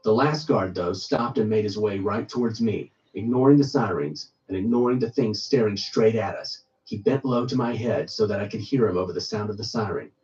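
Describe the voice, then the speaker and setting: A man reading a first-person horror story aloud in steady storytelling narration. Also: lowish voice, a little fast, hardly any pauses, recorded from a distance, dull audio.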